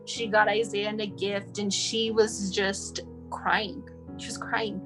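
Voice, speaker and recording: Woman from Texas, interview guest, rambling and chatty, mid pitch, faint guitar under her. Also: flat delivery, slow. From El Paso, Texas. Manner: rambling, chatty, many fillers. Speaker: guest, mother of a sick child. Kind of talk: casual interview.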